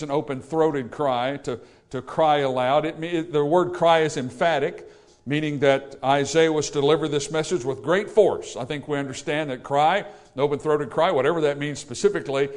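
A man preaching a sermon, earnest and emphatic, repeating key words to drive his points home. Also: medium pitch.

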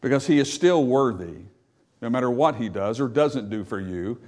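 A male pastor delivers a sermon in a mid-range, expressive voice at a normal pace. He is emphatic, putting rhetorical questions to the congregation and growing louder as he quotes scripture.

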